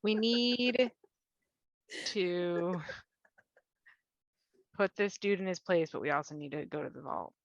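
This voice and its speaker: A woman's voice: on the low side, slow pace, pauses often, dry recording. A woman playing in a tabletop game, musing aloud and letting her sentences trail off. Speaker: player. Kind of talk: casual chat in a tabletop game. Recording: dull, muffled mic.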